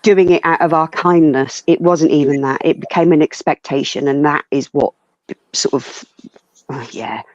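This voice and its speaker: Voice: mid-range voice, normal speed, no echo, lo-fi sound. A blunt panelist venting at length and swearing freely in a casual live stream chat. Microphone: video call.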